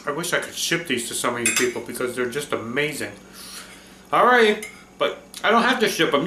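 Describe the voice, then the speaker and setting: A man's voice: medium pitch, expressive, a little fast, pushed and bright, distant mic, slight background noise. Chatty man cooking in an echoey kitchen. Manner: chatty, enthusiastic, says "okay?" often. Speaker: cooking vlog host. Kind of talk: casual cooking demo.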